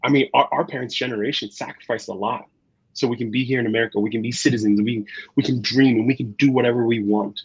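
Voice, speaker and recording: Animated husky-voiced man telling stories. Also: mid-range voice, fast. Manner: animated storyteller, acts out quotes, many fillers. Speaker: chef and guest. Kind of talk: casual interview chat. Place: Twin Cities area. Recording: slightly dull, lo-fi sound.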